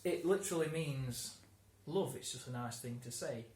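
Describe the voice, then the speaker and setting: A man's voice: medium pitch, moderate pace, a little mellow. A man explaining words in a conversational lesson, laughing and restarting often. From England. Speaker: English teacher. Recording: roomy room, faint ambience.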